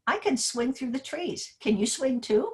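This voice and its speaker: A woman's voice: sits high, big pitch swings, unhurried, pitched above the performer's own voice. A woman voicing a playful, boastful male monkey in a children's story read aloud.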